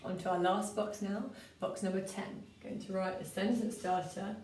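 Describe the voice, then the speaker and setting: Woman, primary teacher, children's story lesson, patient and clear, expressive reading, distant mic. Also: mid-range voice, moderate pace, faint music behind. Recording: roomy, from a distance.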